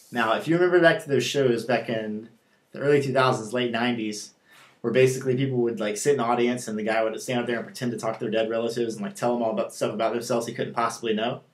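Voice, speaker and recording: A man giving a casual dating-advice lesson, talking loosely with lots of fillers and acting out both sides of the conversations he describes. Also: mid-range voice. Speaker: dating coach. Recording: echoey room.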